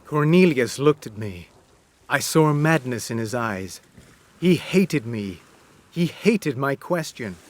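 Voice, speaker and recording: A man reading a story aloud as narrator, slow and deliberate with expressive delivery. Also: mid-range voice.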